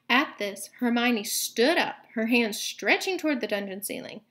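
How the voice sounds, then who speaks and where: A woman teacher reading a novel aloud to her book club, with lively, expressive narration. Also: a little high, normal speed, few pauses.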